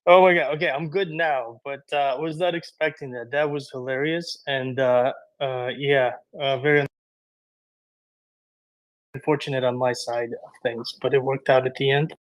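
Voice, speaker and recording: Loud rambling man on a live chat. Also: mid-range voice, steady tone, normal speed, no room sound, poor audio. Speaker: guest speaker. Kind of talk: casual chat.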